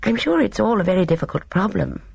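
A reader voicing a gentle, thoughtful elderly woman who speaks in a mild, courteous, measured way. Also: mid-range voice, big pitch swings, creaky, slightly rough, no room sound, pitched above the performer's own voice, full character voice. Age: older.

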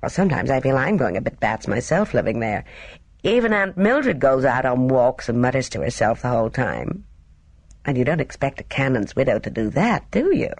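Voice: medium pitch, very animated, moderate pace, no room sound. A reader voicing a cheerful, careless young woman who chatters in airy, slangy upper-class talk. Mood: breezy.

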